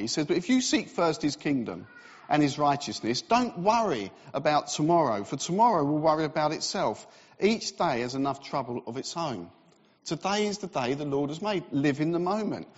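A man's voice: medium pitch, darkish tone. A man preaching a sermon in a conversational, self-deprecating way. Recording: reverberant, slightly dull hall recording.

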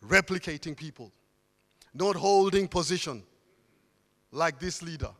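A man's voice: on the high side, unhurried, a bit bright. Man preaching in a reverberant hall. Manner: earnest, building emphasis with repeated phrases. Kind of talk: sermon. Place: church hall.

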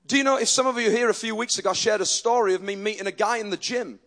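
A male preacher delivering a sermon, telling stories and quoting people, animated and often repeating words. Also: sits high, fast. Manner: animated, repeats words when excited, quotes others in his stories. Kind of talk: sermon with storytelling.

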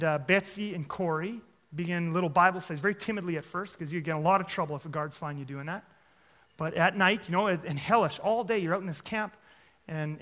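A man's voice: high voice, a bit bright. A man preaching a sermon and telling a story, with frequent "okay?" asides and playful mockery.

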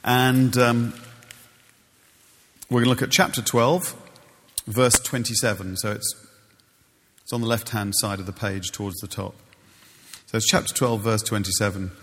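A man's voice: lowish voice, fairly even intonation, measured pace, pauses often, a bit bright, in a large hall, a little hiss or hum. A man preaching a sermon in a church, conversational with many ums and restarts.

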